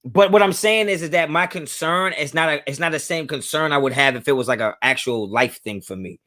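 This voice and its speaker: A young man streaming live reads viewer chat in a relaxed, slang-filled manner, laughing regularly with his pitch going up and down. He talks fairly quickly, his voice bright and pushed.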